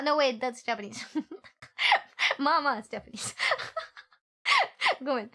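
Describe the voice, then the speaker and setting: Giggly, high-voiced woman streamer. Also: takes it slowly, sharp tone. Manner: playful, giggly, jokes with chat. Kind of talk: game stream, reading story text and chatting.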